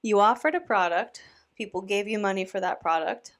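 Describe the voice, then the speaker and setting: A woman's voice: medium pitch, normal speed, a bit bright. Woman giving casual online commentary. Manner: conversational, opinionated, with restarts. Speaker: commentary YouTuber.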